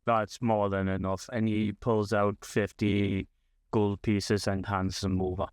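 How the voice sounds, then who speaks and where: Flat, measured man playing a captain. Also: fairly low pitch, smooth, no echo, clean studio sound. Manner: measured, polite. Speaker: player. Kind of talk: playing a ship captain in a tabletop game.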